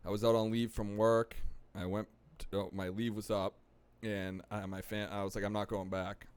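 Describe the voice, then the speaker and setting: A young man telling his recovery story in casual talk, animated and acting out the people he quotes. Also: lowish voice, moderate pace, smooth. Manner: animated, acts out quoted voices. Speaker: podcast guest.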